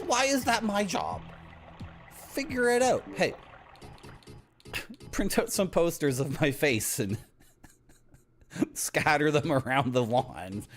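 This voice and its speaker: A man streaming a video game, casually commenting and joking with his chat. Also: medium pitch. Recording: game music behind voice.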